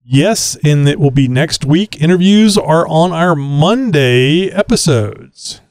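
A man's voice: a little high, expressive, slow pace, no room sound. A man co-hosting a podcast in casual chat, rambling with frequent fillers and restarts. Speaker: podcast co-host.

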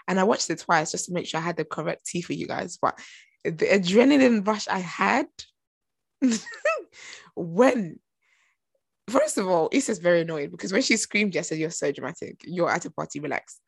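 Animated, gossipy young woman, dry sound. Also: medium pitch, normal speed, vocal fry, pauses often, husky, dry recording. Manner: animated, gossipy, acts out her own reactions. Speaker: TV show reviewer. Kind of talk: chatty TV recap vlog.

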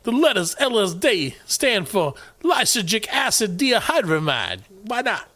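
A man doing a put-on New York accent to play a brash old-time reader, pitched up and brassy. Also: wildly swooping pitch, a little slow, pushed and bright, exaggerated voice.

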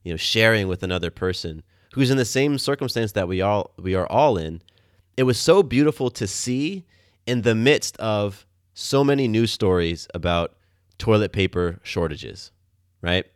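A man hosting his own podcast, telling warm everyday stories in a casual, upbeat, enthusiastic way. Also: lowish voice, expressive, moderate pace, no room sound, clean studio sound. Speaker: podcast host. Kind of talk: casual storytelling monologue. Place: Atlanta, USA.

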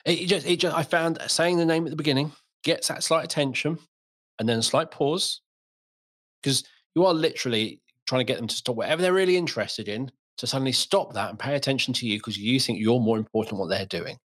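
A middle-aged male podcast host chats casually in a fast, mid-range voice. He tells stories in an animated way, acting out little scenes and doing voices.

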